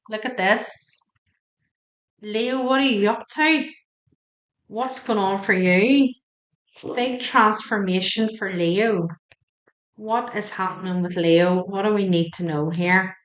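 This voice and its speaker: A woman's voice: medium pitch, a bit bright, roomy sound. A woman giving a tarot reading, chatty and emotional, asking the cards questions aloud as she turns them. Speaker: tarot reader. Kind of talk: spoken tarot card reading.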